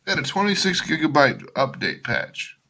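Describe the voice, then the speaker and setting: A man's voice: on the high side, big pitch swings, moderate pace, bright, forceful tone, poor audio. A man hosting a casual stream chat, telling jokey stories and swearing freely. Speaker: stream host.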